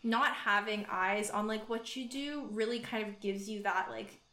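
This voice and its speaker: A woman's voice: mid-range voice, moderate pace, pushed and bright. A young woman co-hosting a podcast, chatting casually and rambling, with many fillers and restarts. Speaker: podcast co-host. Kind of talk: casual chat. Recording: roomy echo.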